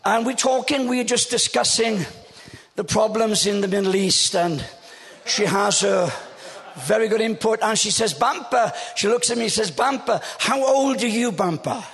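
A man in his seventies preaching a humorous, animated storytelling sermon on stage. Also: sits high, normal speed, vocal fry, big-room sound. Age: 70s.

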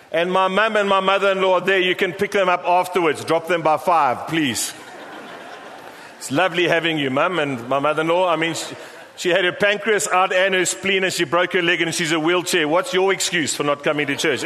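A man's voice: sits high, sharp tone. A man preaching a playful sermon in a church, teasing and coaxing members of the congregation to join in. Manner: teasing, jokey, coaxes people from the crowd. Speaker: pastor. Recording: long hall reverb, faint room noise.

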